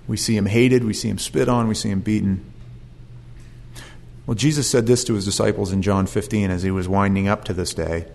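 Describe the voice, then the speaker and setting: A man's voice: on the low side, steady tone, fairly quick, creaky, darkish tone, a little hiss or hum. A man preaching a sermon, telling the story with animation and acting out voices.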